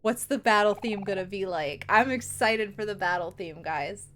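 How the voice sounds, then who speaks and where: A young woman streaming a video game, reacting with excited, laughing exclamations. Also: medium pitch, moderate pace, few pauses, a little hiss or hum. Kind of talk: live gameplay commentary. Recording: faint game music behind.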